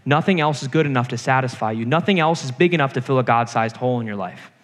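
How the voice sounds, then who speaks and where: A man's voice: medium pitch, quick pace. A young man giving an earnest sermon to a campus group, telling stories from his own life. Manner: earnest, personal storytelling preacher. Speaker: campus ministry speaker. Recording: reverberant hall.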